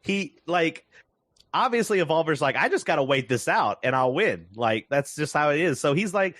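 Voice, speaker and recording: Animated, laughing podcast co-host man. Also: fairly high pitch, moderate pace, no echo. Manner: laughs often, animated retelling with put-on quotes. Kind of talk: casual movie chat.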